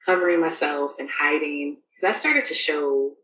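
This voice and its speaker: Female podcast guest, low register, halting storyteller with many fillers; distant roomy recording, faint background noise. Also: a bit bright. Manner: rambling, full of fillers and restarts. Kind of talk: casual storytelling.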